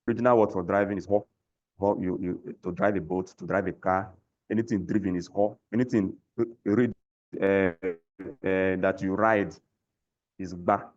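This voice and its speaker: Low-voiced male language teacher on a dull lo-fi call line, patient and repetitive. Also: fairly even intonation, moderate pace, a little mellow. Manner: patient, repeats words for learners to echo. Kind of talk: online language lesson. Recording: lo-fi call audio.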